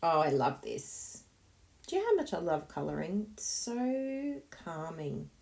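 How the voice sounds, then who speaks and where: A woman's voice: low voice, huge pitch swings, normal speed, creaky, a little mellow. A woman hosting a card-making tutorial, chatting encouragingly and thinking aloud as she works. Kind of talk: casual tutorial talk while crafting.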